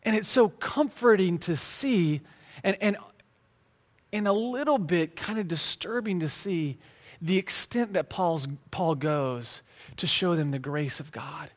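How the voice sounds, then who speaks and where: A man's voice: sits high, unhurried. A man preaching a sermon in a conversational, emphatic way, often restarting and repeating words. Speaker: pastor.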